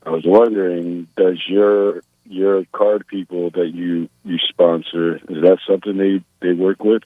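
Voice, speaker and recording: Deep-voiced sleepy male caller, phone line. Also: a little slow, no room sound. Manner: relaxed, drowsy. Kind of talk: phone call to a radio show. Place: in a car.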